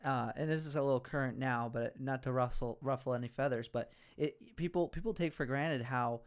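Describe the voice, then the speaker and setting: A man's voice: mid-range voice, a little fast, clear, resonant tone. A man hosting a casual podcast chat, talking in a chatty, rambling way with frequent restarts. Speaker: podcast host.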